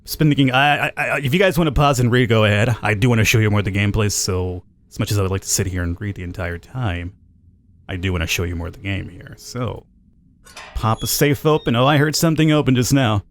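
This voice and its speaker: A man's voice: lowish voice, quick pace. A man casually commentating a game playthrough, chatty, thinking aloud and reading notes out. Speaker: gameplay commentator. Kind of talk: let's play commentary.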